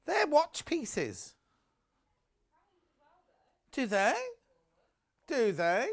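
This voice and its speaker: A man's voice: extremely high pitch, wildly swooping pitch, extremely slow. A man presenting a live home shopping broadcast, chatty and gushing, reading out viewer messages as he shows products.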